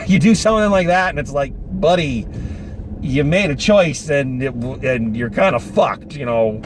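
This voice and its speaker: A man giving a casual, animated review of a film, talking with exasperation and some swearing, recorded in a car. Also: on the high side, a little slow. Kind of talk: casual spoken movie review. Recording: noisy car interior.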